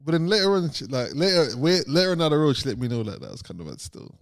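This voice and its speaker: A man's voice: a little high, sing-song, fast talker. A young man, sheepishly recounting a story about himself on a podcast. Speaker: podcast co-host. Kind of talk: casual banter.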